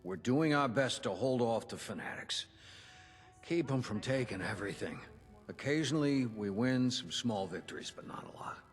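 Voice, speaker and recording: A man's voice: normal speed, in a large hall, faint music behind, lightly acted. Man voicing a weary resistance leader. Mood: earnest. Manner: earnest, plain-spoken, lively pitch. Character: weary male resistance leader recruiting fighters. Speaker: game character.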